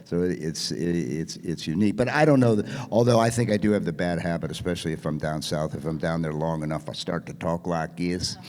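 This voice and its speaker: Deep-voiced easygoing man. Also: fast talker, hardly any pauses, darkish tone. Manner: easygoing, hesitant starts. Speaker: panel guest. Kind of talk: casual panel chat. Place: expo stage panel.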